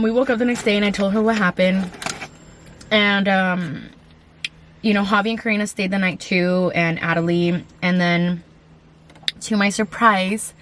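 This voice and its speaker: A woman's voice: mid-range voice, a little hiss or hum. A woman casually telling viewers a scary personal story in a vlog, full of "like" fillers and swearing. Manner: chatty, heavy on "like" fillers and swearing; animated, talks straight to viewers.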